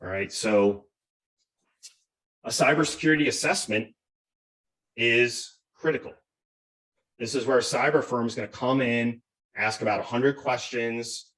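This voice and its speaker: A man's voice: medium pitch, fairly bright tone, distant mic, low-quality recording. A man presenting as a cybersecurity expert on a video call, explaining step by step and often asking "right?". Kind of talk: webinar presentation.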